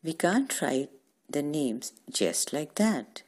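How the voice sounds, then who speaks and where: A woman teacher gives young children a patient grammar lesson, posing questions and answering them herself. Her voice is low and darkish, with big pitch swings, and she speaks slowly.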